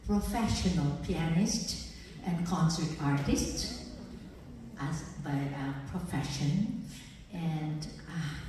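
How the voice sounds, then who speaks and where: A woman giving an emotional personal testimony, swinging from low and quiet to high and excited. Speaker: testimonial speaker. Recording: echoey hall, voice from far off.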